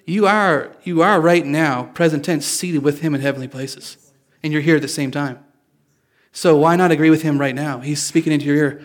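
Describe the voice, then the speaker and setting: Speaking at a moderate pace in a voice on the high side, a man preaches a sermon in a conversational way. The pastor keeps restarting sentences as he self-corrects, lightening things with gentle humor.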